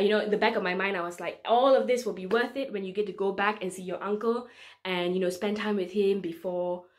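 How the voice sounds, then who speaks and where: A young woman in her twenties, a medical student preaching, telling a personal testimony in an earnest, emotional way, acting out her prayers with feeling. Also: medium pitch. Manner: earnest, emotional storytelling with lively quoted prayers. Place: church online service recording.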